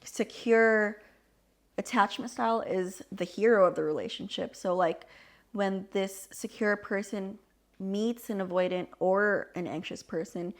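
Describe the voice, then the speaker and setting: A young woman co-hosts a casual podcast and walks her guests through an idea at length. She sounds animated and chatty, with plenty of "like" and "um" as she goes. Her voice sits at an ordinary middle pitch for a woman. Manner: explains at length, animated, many fillers. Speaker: podcast co-host. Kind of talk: casual chat.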